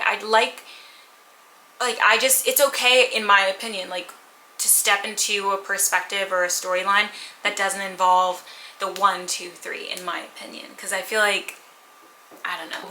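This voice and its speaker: A woman casually reviewing books at home, candid and animated, sometimes acting out characters' lines. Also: mid-range voice, roomy sound, a little hiss or hum, low-quality recording. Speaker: book vlogger. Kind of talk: casual chatty book review. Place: at home with a purring cat nearby.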